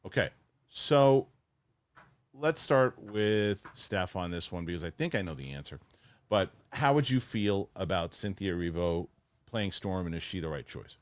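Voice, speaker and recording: A man's voice: deep voice, lively intonation, normal speed, no room sound. A middle-aged man hosting a show, talking in a chatty, rambling way with frequent restarts. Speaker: show host. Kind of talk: casual chat and read ad.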